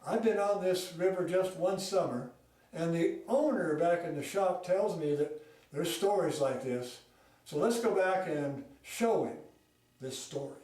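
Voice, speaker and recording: A polite young river guide, plain-spoken, with a high voice, as a storyteller puts him on. It echoes loudly, as if recorded from across a room. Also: male voice, animated, measured pace. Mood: unsure. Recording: echoey room, mic far off.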